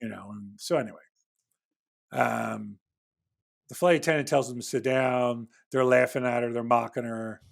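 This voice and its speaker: A man's voice: medium pitch, normal speed, vocal fry, long pauses. A middle-aged man, a former security agent, telling a long anecdote as a podcast guest, with frequent restarts and acted-out dialogue. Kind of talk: casual storytelling in a podcast interview.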